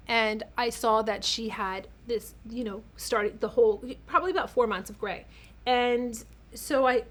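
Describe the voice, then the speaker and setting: A woman with a fairly high voice tells her stories straight to camera. She talks casually and with feeling, stopping and restarting often and leaning on fillers as she goes. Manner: emotional, animated, lots of fillers and restarts. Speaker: vlogger and author.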